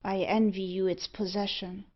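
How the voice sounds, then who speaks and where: Woman doing a bitter young gentleman, frightened, slow tense lines, mid pitch, dull recording. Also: little pitch movement, natural voice. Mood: wary.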